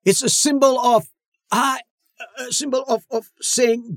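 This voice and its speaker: A middle-aged male pastor preaching a sermon, emphatic, with dramatic slow-downs and sudden shouts. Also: extremely high pitch, vocal fry, no echo, clean studio sound.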